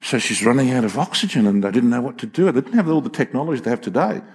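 A man's voice: medium pitch, lively intonation, racing, a little mellow, breathy edge. A man, preaching a sermon in a folksy, emphatic storytelling way with frequent restarts. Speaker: pastor.

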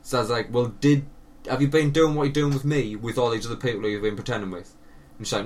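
A man's voice: medium pitch, fairly even intonation, fast talker, few pauses. Guy podcast host rambling thru a cringe story, swears a lot, a bit far from the mic. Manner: sweary, laughing, drops voice for quoted lines. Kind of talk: casual storytelling chat.

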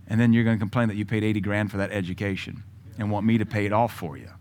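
A man's voice: lowish voice, steady tone, fast. Blunt, combative male preacher. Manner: blunt, combative preaching with sudden loud bursts and asides; mocking mimicry of other voices. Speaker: pastor. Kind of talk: sermon.

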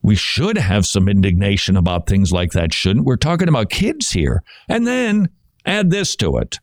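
A man hosting a faith talk show speaks earnestly about scripture, his pitch rising and falling in a lively way. He often stumbles, repeats words and restarts his thoughts. The sound is dry and close, with no room around it. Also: normal speed, no echo. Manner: earnest, stammers and restarts when thinking. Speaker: Christian podcast host. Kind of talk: casual Bible commentary.

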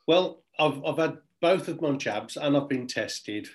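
A man's voice: fairly high pitch, expressive, measured pace. A man from Birmingham with a Birmingham accent, a guest speaker telling jokey, self-deprecating stories in an interview. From Birmingham, England. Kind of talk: interview chat.

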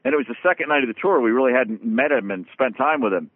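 A man tells a story in loose, animated conversation, stumbling over restarts and dropping swears as he goes. His voice comes through thin and tinny, like a phone line, with no room sound around it. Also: mid-range voice, quick pace, no echo. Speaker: guest musician.

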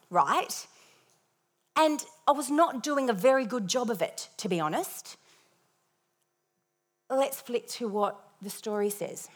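With a high voice, a young woman shares a lively, self-deprecating personal testimony within a sermon.

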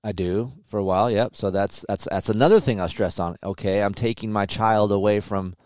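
Talking fast in a lowish voice, a middle-aged podcast host tells lively, profanity-laden stories about the pressures of family, keeping it candid and casual. The recording is clean studio audio without any echo.

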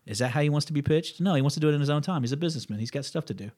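A man in his thirties co-hosting a podcast in casual chat, an animated storyteller who acts out the people in his stories. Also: a little high, rapid-fire. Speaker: podcast co-host.

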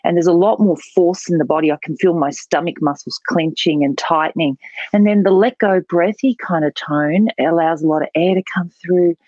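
A woman's voice: on the low side, a little mellow, no room sound. A woman speaking as a voice and public speaking coach, explaining how tone works. Her voice has a muffled, lo-fi quality. It sounds dry, with no room around it. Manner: explanatory, demonstrating voice types. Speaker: public speaking trainer and guest. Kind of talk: podcast interview answers.

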